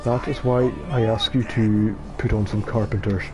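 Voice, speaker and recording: With music and noisy game audio behind him, a nineteen-year-old Scottish gamer streams and chats at normal speed in a fairly low, steady voice. The late-night talk is casual and rambling, and he stumbles and pokes fun at himself in a dopey tone.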